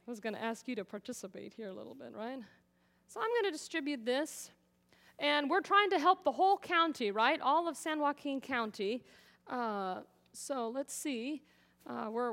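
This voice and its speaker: Earnest woman preaching in a reverberant church. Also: high-pitched. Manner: earnest, encouraging, interactive with congregation. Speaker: missionary speaker. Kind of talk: sermon. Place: church sanctuary.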